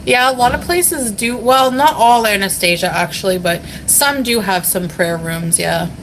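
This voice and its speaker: A woman chats casually on a livestream, answering viewer comments between frequent giggles. Her voice sits at an ordinary middle pitch, and there is a faint hiss in the background. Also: moderate pace, low-quality recording. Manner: giggly, chatty, many fillers. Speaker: vlogger reading chat. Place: hotel room.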